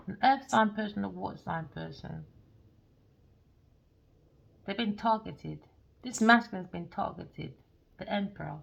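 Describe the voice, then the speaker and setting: A woman's voice: mid-range voice, measured pace, gravelly, long pauses, fairly bright tone. A woman giving a rambling, emphatic tarot reading, swearing freely. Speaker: tarot reader. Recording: dull lo-fi recording.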